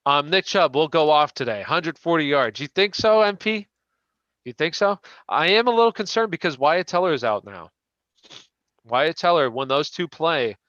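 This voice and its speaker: A man's voice: mid-range voice, a bit bright, clean tone, dry recording, lo-fi sound. A man hosting a live question-and-answer stream, chatting casually and restarting his sentences as he answers viewers. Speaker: fantasy football show host.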